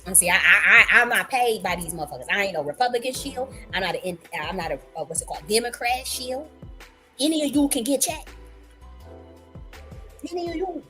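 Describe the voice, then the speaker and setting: A woman's voice: on the high side, sing-song, brisk, a bit bright, faint music behind. A woman hosting a livestream who talks casually and emphatically, full of profanity and repeated words. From Buffalo area, US. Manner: profane, repetitive, emphatic, laughing. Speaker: livestream host. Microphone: livestream mic.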